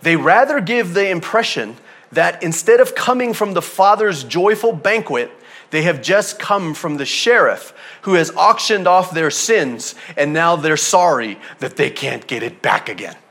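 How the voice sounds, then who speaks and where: A man preaching a sermon as pastor, conversational and animated, dropping to soft asides and climbing to loud emphatic peaks. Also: a little high, unhurried. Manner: conversational, with fillers and repeated phrases.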